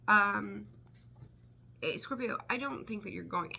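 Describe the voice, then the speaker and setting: A woman's voice: medium pitch, measured pace, vocal fry, bright, forceful tone, a little hiss or hum. A woman giving a casual tarot reading, rambling and swearing freely with exasperated outbursts. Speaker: tarot reader.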